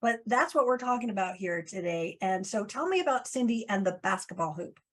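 A woman's voice: mid-range voice, expressive, brisk. A woman hosting an interview, asking questions hesitantly, with fillers and a frequent "mm-hmm". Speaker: interview host. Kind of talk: conversational interview.

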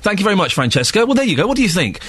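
A man in his thirties presenting breakfast radio in a chatty, animated way, muttering asides to himself. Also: high voice, rapid-fire, breathy edge, no room sound.

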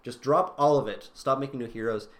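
A man co-hosting a casual gaming podcast, rambling and excitable, full of fillers and restarts. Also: medium pitch, fairly quick. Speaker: podcast co-host.

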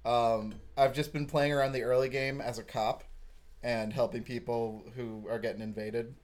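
A man's voice: mid-range voice, little pitch movement, normal speed, a little mellow. A man co-hosting a casual gaming podcast, talking in a laid-back, dry, rambling way. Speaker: podcast co-host, game developer. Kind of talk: casual chat.

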